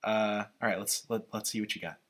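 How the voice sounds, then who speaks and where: A man's voice: fairly low pitch, steady tone, brisk, noisy background. A man giving casual, rambling, opinionated commentary while reacting to a movie trailer.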